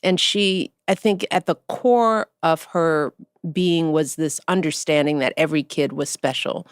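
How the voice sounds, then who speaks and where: A woman's voice: deep voice, measured pace, smooth, dry recording, clean studio sound. A woman in her sixties, a podcast guest, telling family stories with laughter and acted-out quotes. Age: 60s. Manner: animated storyteller who laughs and acts out family quotes. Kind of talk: casual interview chat.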